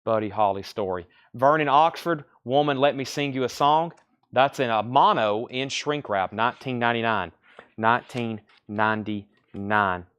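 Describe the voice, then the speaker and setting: A man's voice: medium pitch, normal speed, a bit bright, clean tone. A man with a Southern US accent hosting a live record sale from a store, reeling off album titles and prices with chatty asides. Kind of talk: live-stream sales patter.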